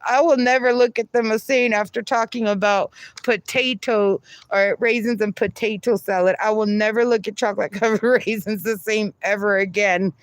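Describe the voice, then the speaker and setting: A woman's voice: mid-range voice, steady tone, moderate pace, no room sound. A woman hosting a casual livestream, reading viewer comments aloud with frequent laughs and casual swearing. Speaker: livestream host.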